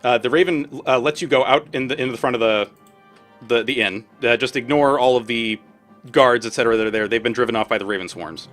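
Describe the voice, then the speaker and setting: A man narrating a tabletop game as game master, casual and halting with many fillers. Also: mid-range voice, a bit bright, soft background music.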